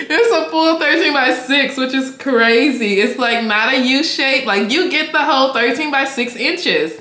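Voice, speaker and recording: A young woman, chatting excitedly in a casual unboxing vlog and often breaking into laughter. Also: high voice, normal speed, few pauses. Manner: excitable, laughing, squealing bursts. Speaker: beauty vlogger. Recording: echoey room with faint noise.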